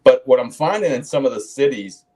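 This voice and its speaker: A man's voice: mid-range voice, animated, fairly quick, mellow. A man in casual chat, giving thoughtful, long explanations in a musing tone.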